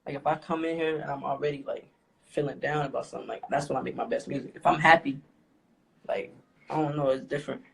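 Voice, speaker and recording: A young man, a rapper guest, talking casually and haltingly with lots of fillers. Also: fairly high pitch, fairly even intonation, vocal fry, a bit bright. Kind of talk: casual interview talk. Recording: faint background noise.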